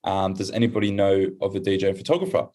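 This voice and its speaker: A young Australian man tells a long story in a relaxed podcast chat. His voice sits fairly low, but it leaps up high whenever he mimics someone else. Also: quick pace. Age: young adult. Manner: animated, acts out quoted voices in high pitch. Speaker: guest. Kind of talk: casual storytelling.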